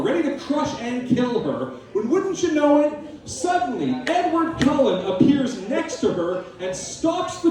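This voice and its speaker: A male comedian doing manic, sardonic live stand-up, swearing freely. His voice is very high and jumps all over the place. He sounds distant, with heavy echo from the venue. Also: darkish tone. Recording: echoey live room, from a distance.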